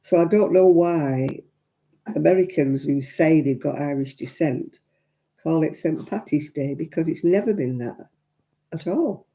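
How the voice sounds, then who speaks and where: An outspoken, chatty Englishwoman runs a live crafting stream, replying to viewer comments as she works. Her low voice is very dark and mellow, her pace measured, and she laughs readily while speaking her mind.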